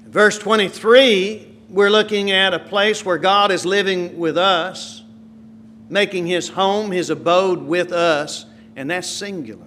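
A man preaching a sermon, swinging from quiet, slow asides to loud, emphatic lines. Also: high voice, fairly even intonation, a little hiss or hum.

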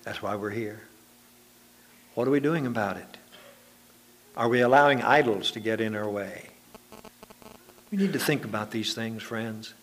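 A man's voice: fairly low pitch, measured pace, pauses often, fairly bright tone. A man preaching a sermon to his congregation, telling homely anecdotes in a conversational, folksy way.

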